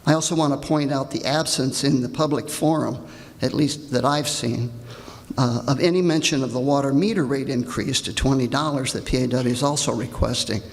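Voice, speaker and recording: An older man speaks at a public hearing, reading his prepared comment in a pointed, indignant tone. His voice is gravelly and sits at a middling pitch. The sound carries the long echo of a large hall. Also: fairly quick. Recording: reverberant hall.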